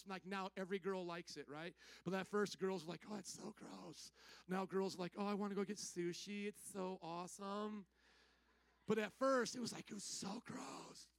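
High-voiced preaching man, call and response. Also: no echo. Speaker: pastor. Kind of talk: sermon. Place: church.

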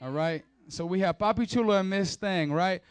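Playful high-voiced young pastor. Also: male voice, normal speed, clean tone, no echo. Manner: joking, playful, hypes the crowd. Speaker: youth pastor. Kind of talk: energetic church service talk. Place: church hall.

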